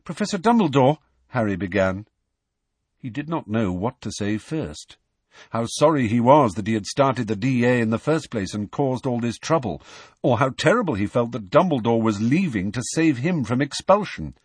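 A man narrating an audiobook with a steady, expressive reading. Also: mid-range voice, moderate pace, slightly rough, no echo.

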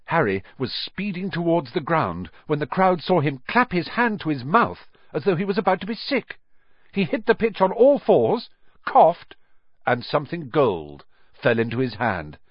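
A man narrating a storybook in a highly expressive way, with a dull, dry recording. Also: moderate pace, slightly rough, no room sound. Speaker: audiobook narrator.

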